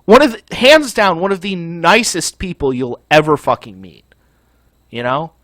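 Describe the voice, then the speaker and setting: Guy on a gaming channel yelling and cussing up a storm, bright sharp voice, super lively swings, dry close sound. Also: on the high side, moderate pace, no echo. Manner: profane, furious, yelling rant. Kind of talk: angry ranting commentary over gameplay.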